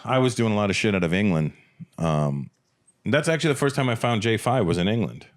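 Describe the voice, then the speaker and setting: A man's voice: lowish voice, animated, brisk. A man hosting a podcast, telling comic stories in a loose, profane, casual way. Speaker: podcast host. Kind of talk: casual chat, comic storytelling.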